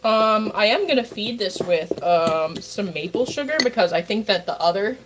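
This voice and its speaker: A woman's voice: medium pitch, lively intonation, normal speed. Chatty woman livestreaming from a noisy kitchen. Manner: rambling, chatty, talks to her chat. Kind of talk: casual livestream chat while baking. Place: home kitchen.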